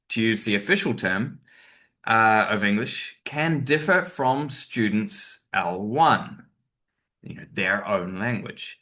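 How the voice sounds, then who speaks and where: Bright-voiced male teacher trainer. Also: fairly low pitch. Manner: chatty, many fillers and asides; acts out stressed example sentences. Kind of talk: webinar teaching talk.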